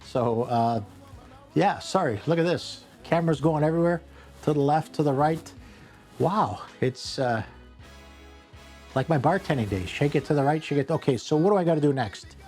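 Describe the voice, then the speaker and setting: A man hosting a casual cooking vlog from a home kitchen, rambling and joking at his own expense, with sudden excited bursts. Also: a little high, moderate pace, soft background music. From Canada.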